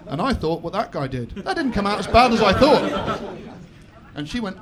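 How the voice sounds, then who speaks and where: Southwest English comic, high voice. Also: male voice, sing-song, fairly quick, crowd noise. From Somerset, England. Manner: chatty, self-mocking, confessional. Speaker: stand-up comedian. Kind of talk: stand-up comedy set. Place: comedy club stage. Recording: noisy live comedy club.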